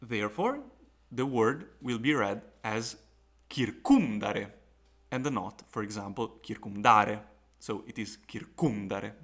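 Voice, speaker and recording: A man's voice: medium pitch, moderate pace. A man teaching a recorded lecture on pronunciation, explaining carefully with fillers and restarts. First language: Italian. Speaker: Latin teacher.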